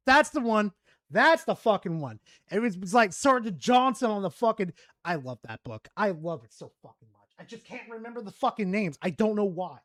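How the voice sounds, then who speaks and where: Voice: mid-range voice, fairly bright tone, no room sound, clean studio sound. A streamer rambling and swearing in frustration while commentating a game. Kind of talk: gaming commentary while playing.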